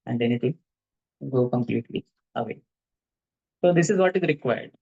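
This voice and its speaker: A man's voice: mid-range voice, normal speed, vocal fry, slightly rough, dull audio. A man giving a devotional lecture to students, telling stories, chuckling and asking rhetorical questions.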